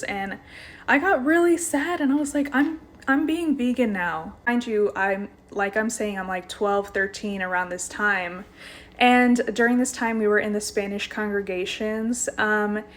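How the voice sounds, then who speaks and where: A young woman telling a personal story to her viewers in a casual, chatty way, full of fillers and asides. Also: mid-range voice. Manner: chatty, frequent "like" and "you guys". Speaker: vlogger.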